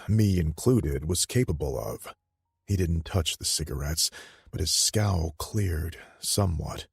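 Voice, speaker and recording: A man narrating an audiobook in the first person, measured and steady, on a close studio mic. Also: deep voice, gravelly, husky, dry recording.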